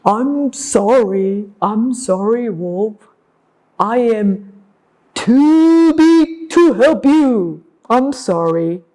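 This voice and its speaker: A woman voicing a big, apologetic cow in a storybook, speaking slowly and low. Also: animated, mellow, rough recording. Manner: slow, low and drawn out.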